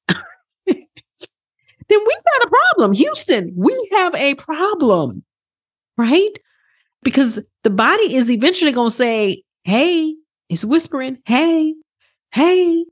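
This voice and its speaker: A woman with a husky, slightly breathy voice speaks as a wellness coach on her podcast. Her pitch swings widely as she presses her points with earnest, casual energy. She swears freely and acts out little quoted voices. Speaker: wellness coach and program host. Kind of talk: motivational podcast talk.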